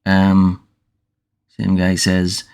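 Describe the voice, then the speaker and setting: Slow, deep-voiced man reading aloud. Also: monotone, gravelly, darkish tone, clear, resonant tone. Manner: hesitant, many fillers and restarts. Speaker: livestreamer reading a novel aloud. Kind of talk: audiobook-style reading and casual chat.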